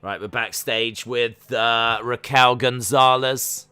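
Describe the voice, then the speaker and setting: A man hosting a casual live watch-along stream, calling the action and answering chat questions, sometimes jumping into high-pitched disbelief. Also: slow, clean tone, no echo. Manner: breaks into high-pitched disbelief when excited. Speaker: live stream reaction host.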